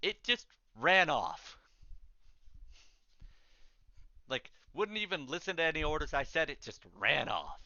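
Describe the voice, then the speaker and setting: A man's voice: very animated, normal speed, pushed and bright, dry recording, dull audio, heavily acted. A man voicing a panicky young male student necromancer who stammers and shrieks. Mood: nervous. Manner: stammering, frantic, shrill.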